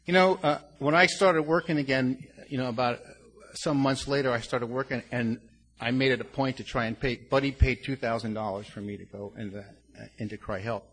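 This older man's gravelly voice is medium-pitched, fairly even in intonation, brisk and fairly bright as he testifies at a recovery meeting. His rambling personal story is frank and earnest, with many restarts and blunt curses.

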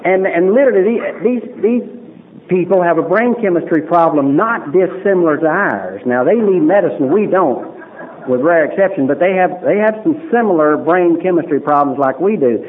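A man's voice: a little high, animated, moderate pace. A man giving a personal testimony at a recovery meeting, a folksy storyteller who acts out what people said. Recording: tinny lo-fi recording with faint hiss.

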